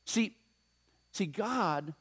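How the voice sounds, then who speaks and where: A male pastor giving a sermon in a conversational, animated storytelling way, with playful asides. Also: high voice, very slow, slightly rough.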